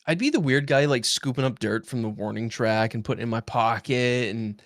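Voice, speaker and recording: A man's voice: mid-range voice, fairly quick. A young man co-hosting a casual podcast, trading laid-back jokes and banter. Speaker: podcast co-host.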